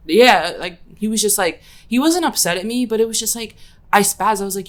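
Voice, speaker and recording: A woman's voice: mid-range voice, fairly quick. A young woman hosting a podcast, telling a story in casual slangy chat and acting out her own quotes. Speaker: podcast host.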